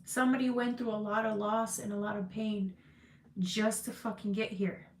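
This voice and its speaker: A woman's voice: fairly high pitch, echoey room, slight background noise, rough recording. A woman giving a tarot reading to her viewers, emotional and tearful, swearing freely and calling them y'all. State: crying. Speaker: tarot reader.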